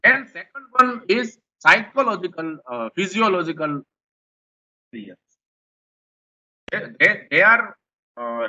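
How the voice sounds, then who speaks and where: A man's voice: sits high, pushed and bright, muffled recording. A man with an Indian English accent giving a classroom lecture, explaining points and repeating them. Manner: repetitive, explanatory, rephrases points.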